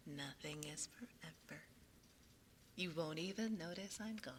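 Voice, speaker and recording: A young woman chatting casually with her stream viewers, often dropping into a soft whisper, recorded on a binaural ASMR microphone. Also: medium pitch, in a large hall, slight background noise.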